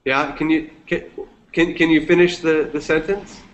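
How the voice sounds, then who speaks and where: A man's voice: on the high side, flat delivery, normal speed. A man teaching English one-on-one, patient and encouraging, switching to Spanish now and then to explain. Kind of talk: one-on-one language lesson.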